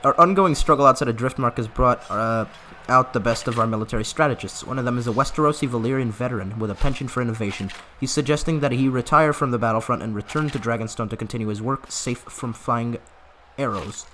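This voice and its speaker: A man's voice: mid-range voice, fast, sharp tone, slight background noise. A man giving casual gameplay commentary, laughing often and reading game text aloud with asides. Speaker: gaming YouTuber.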